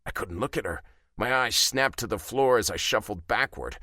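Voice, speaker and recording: A man narrating a romance audiobook in the first person, with expressive, self-deprecating storytelling. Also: lowish voice, moderate pace, dry recording, studio quality.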